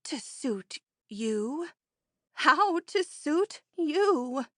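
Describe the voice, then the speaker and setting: A woman's voice: fairly high pitch, fairly even intonation, takes it slowly, no room sound, studio quality. A woman voicing a frightened, fretful friend in an audiobook, with wailing, trembling pleas. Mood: tearful. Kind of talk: audiobook character reading.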